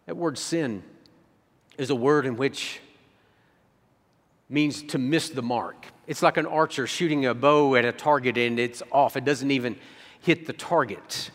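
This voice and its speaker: A male pastor gives a sermon in a conversational way, stumbling over and repeating words as he gathers his thoughts. His voice sits at an ordinary pitch. The sound carries a long reverb from a large church room. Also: measured pace, long pauses, a bit bright. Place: church sanctuary.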